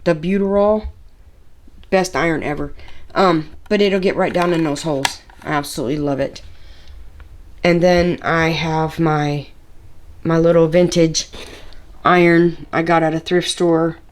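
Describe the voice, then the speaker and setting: A woman with a low voice chats her way through a tour of her home sewing room. She rambles, stops to find the right word and starts again, and she talks straight to the camera the way she would talk to a friend. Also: fairly even intonation, unhurried, long pauses, a little hiss or hum. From Tennessee, US. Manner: chatty, rambling, with filler words and restarts. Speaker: sewing vlogger.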